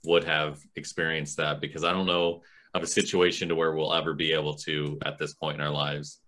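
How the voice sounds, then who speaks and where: A man's voice: a bass voice, flat delivery, a little fast, sharp tone. A man co-hosting a podcast, self-deprecating and laughing, acting out characters in a casual movie review chat. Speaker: podcast co-host.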